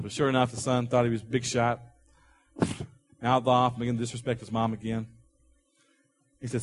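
A man preaching a sermon, telling a story and dropping his voice low for quoted dialogue. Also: fairly quick, long pauses. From Oklahoma. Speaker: pastor.

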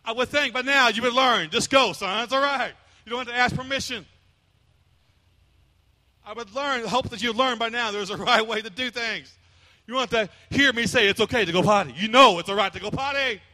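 High, bright-voiced folksy preacher man. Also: long reverb tail. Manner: folksy, repetitive, acts out little scenes. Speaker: pastor. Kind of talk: humorous sermon.

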